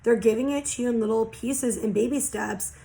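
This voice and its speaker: A woman with a slightly high voice talks straight to her viewers in a casual spiritual reading. She is blunt and confessional and swears freely. Her tone stays informal and unpolished. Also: a little fast, gravelly, mellow, rough recording. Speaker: spiritual reader.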